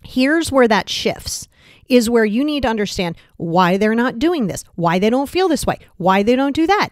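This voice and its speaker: On her solo motivational podcast, a woman speaks at a normal speed in a slightly high, very animated voice. Her style is direct, casual and blunt, with mild cursing and rapid rhetorical questions. The studio audio is clean, with no room sound.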